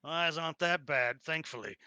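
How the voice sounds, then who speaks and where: A man running a tabletop game and chatting, animated and excitable, swearing freely. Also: on the high side, a little fast, smooth, no room sound, dull audio. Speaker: game master. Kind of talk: casual chat and tabletop game narration.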